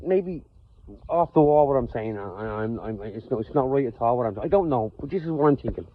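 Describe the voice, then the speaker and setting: An Irish man talking off the cuff outdoors in a personal vlog, halting and often repeating and restarting his words. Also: medium pitch, animated, no room sound. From Ireland. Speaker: vlogger. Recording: tinny phone-like sound.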